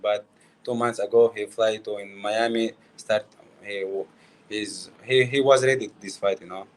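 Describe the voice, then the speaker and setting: A man's voice: fairly low pitch, fairly even intonation, moderate pace. A man, not a native English speaker, answers interview questions in short broken phrases, often saying "you know". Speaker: guest fighter.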